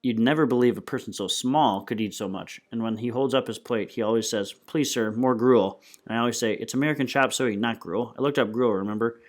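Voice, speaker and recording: A man's voice: mid-range voice, fast talker, few pauses. A man reading a novel aloud in a plain, unpolished way, with small slips and restarts. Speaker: reader.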